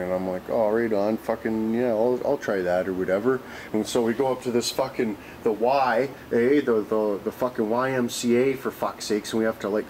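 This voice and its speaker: A man's voice: medium pitch, darkish tone, a little hiss or hum, low-quality recording. A man telling a rambling story on his vlog, swearing constantly and filling gaps with "like" and "uh". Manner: rambling, heavy swearing, many fillers. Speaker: vlogger.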